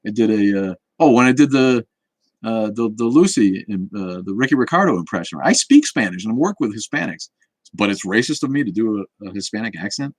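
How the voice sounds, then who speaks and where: A man's voice: on the low side, lively intonation, a little fast, dry recording. A man hosting a casual livestream chat, answering comments in a rambling, blunt and profane way. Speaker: show host.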